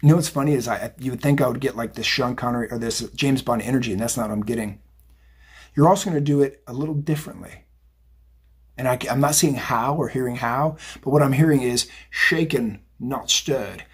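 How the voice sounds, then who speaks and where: Brief: middle-aged male tarot reader, rough breathy voice, loose chatty delivery. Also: medium pitch, a little fast. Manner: chatty, rambling, animated, says "right?" and "okay?" often. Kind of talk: casual tarot reading monologue.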